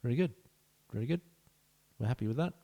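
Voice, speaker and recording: A man's voice: medium pitch, lively intonation, quick pace, mellow. A man giving casual, jokey let's-play commentary as a gaming video host, bantering with the players in the game.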